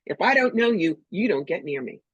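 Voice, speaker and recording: A woman's voice: on the low side, animated, brisk, husky, dry recording, highs cut off. An older woman from New York, a psychic medium being interviewed, talking bluntly and animatedly and acting out other people's voices. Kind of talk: storytelling interview talk.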